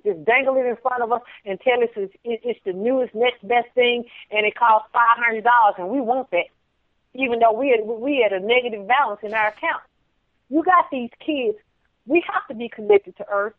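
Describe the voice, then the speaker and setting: Call-in guest: emphatic, preachy woman with a mid-pitched voice, heard over a dry, tinny phone line. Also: dry recording. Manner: emphatic, preachy, often drops to a softer voice. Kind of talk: casual discussion.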